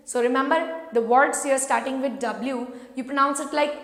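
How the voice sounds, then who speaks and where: A woman's voice: high-pitched, moderate pace, fairly bright tone. A woman teaching pronunciation, patiently repeating each word for learners to echo. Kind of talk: slow, drilled pronunciation lesson. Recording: echoey room with long reverb.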